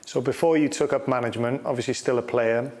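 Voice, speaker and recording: A man's voice: mid-range voice, fast talker, long reverb tail. Man, interviewer and ex-footballer, easygoing conversational delivery. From North Wales. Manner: relaxed, laughs while telling stories. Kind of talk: friendly interview questions and anecdotes.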